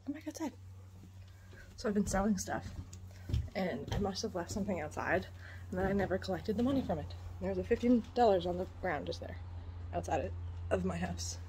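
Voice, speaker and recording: A woman's voice: mid-range voice, lively intonation, brisk, pauses often. Chatty young woman vlogging. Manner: chatty, rambling, swears casually. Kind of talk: casual vlog chat. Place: driving a car, then outdoors at home. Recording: loud background noise.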